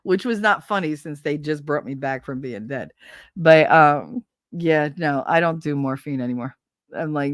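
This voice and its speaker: A woman streamer chatting casually, telling rambling, animated stories, swearing freely and laughing often. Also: low voice, normal speed, no echo, studio quality. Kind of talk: casual storytelling chat. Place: home streaming setup.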